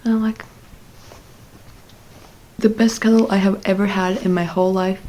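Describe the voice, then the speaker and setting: A woman's voice: mid-range voice, little pitch movement, moderate pace, warm tone. A young adult woman vlogger telling a casual story in a chatty way, full of fillers and asides.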